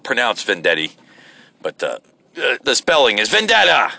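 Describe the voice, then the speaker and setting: A man's voice: medium pitch, huge pitch swings, moderate pace, gravelly, bright, forceful tone, dry recording. A man hosting a solo podcast from his car as he drives, delivering a profane, rambling, sarcastic rant. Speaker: podcast host. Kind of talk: ranting solo podcast while driving. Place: car while driving.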